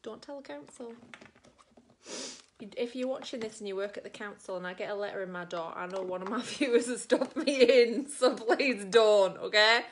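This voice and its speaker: A woman's voice: medium pitch, moderate pace. A middle-aged woman with an Australian accent, doing her makeup on camera and telling a long rambling story full of fillers. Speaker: makeup vlogger.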